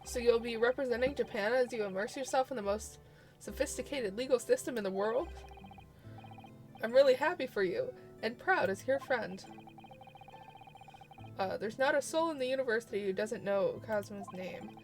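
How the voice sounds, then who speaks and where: A woman's voice: on the high side, moderate pace, a little mellow, faint music behind, lightly acted. A woman voicing an earnest, humble young male student while reading game dialogue aloud on a stream, in a sincere, slightly formal way. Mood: proud.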